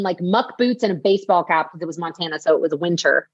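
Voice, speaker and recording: Animated woman telling a personal story. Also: mid-range voice, fast, hardly any pauses, no room sound, lo-fi sound. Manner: animated, acts out quoted dialogue, frequent "like". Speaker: podcast guest, author and speaker.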